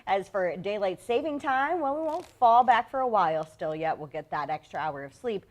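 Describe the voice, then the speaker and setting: A woman co-hosting a casual morning show, bubbly and quick to laugh. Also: medium pitch, animated. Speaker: co-host.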